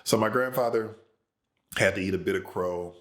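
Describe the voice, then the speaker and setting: A man, an author, casually telling a family story in a relaxed, conversational way. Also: on the low side, normal speed.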